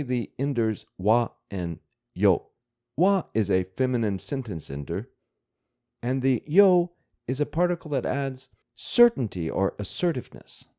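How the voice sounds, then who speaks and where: With a low, warm voice and widely varying pitch, this man teaches language, taking learners through vocabulary slowly. He handles the grammar in a patient, methodical way.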